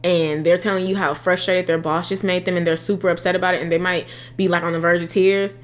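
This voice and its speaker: A woman's voice: fairly low pitch, little pitch movement, quick pace. A young adult woman sharing faith advice in a casual, earnest way, with slangy phrasing and frequent restarts.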